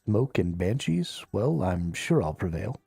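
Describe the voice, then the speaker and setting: A man's voice: on the low side, sing-song, unhurried, vocal fry, dark tone, husky, no room sound, clean studio sound, faint music behind, heavily acted. A man voicing a cocky male adventurer hero in game dialogue, wry and self-assured.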